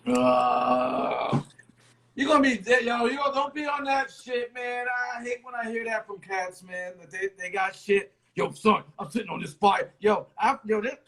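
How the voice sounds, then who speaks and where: A man's voice: sits high, unhurried, creaky, a bit bright. A man hosting a casual hip-hop conversation, talking bluntly and with emphasis in heavy slang. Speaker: host.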